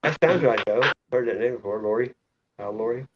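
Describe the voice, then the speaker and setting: A man's voice: medium pitch, a little fast, a crowd in the background. A man hosting a casual live chat, joking crudely and laughing often. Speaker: channel host. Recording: muffled lo-fi audio.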